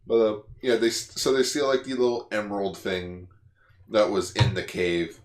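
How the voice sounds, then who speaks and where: Lower-voiced man in an echoey room. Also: moderate pace. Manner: animated retelling, lots of fillers. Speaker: podcast co-host. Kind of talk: casual chat.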